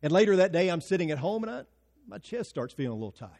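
A man preaching a sermon as pastor, emphatic, asking rhetorical questions and dropping to quiet, pointed lines. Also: high-pitched, big pitch swings, fast talker, creaky, big-room sound.

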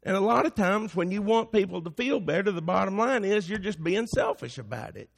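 Preaching man with gravelly voice, echoing hall. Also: high voice, lively intonation, brisk. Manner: preaching, rising to emphatic peaks. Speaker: pastor. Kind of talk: sermon. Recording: long hall reverb.

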